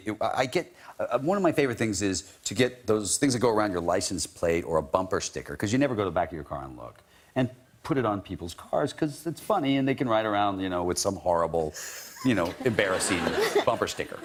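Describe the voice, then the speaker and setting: A middle-aged man, a talk show guest, telling funny anecdotes and laughing through them. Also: on the low side. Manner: chatty, laughs through his stories. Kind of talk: anecdotal storytelling. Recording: loud noisy studio recording.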